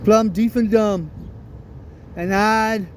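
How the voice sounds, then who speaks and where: A man's voice: sits high, steady tone, slow, slight background noise. A man reading an audiobook, voicing Jim, a remorseful father telling a painful story in a heavy Southern US dialect. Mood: sorrowful.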